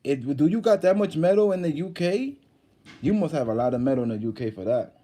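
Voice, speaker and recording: Hosting a casual livestream, a man in his thirties tells stories and reads viewer comments, rambling with frequent restarts and fillers. He talks briskly in a fairly high, expressive voice with a dark tone.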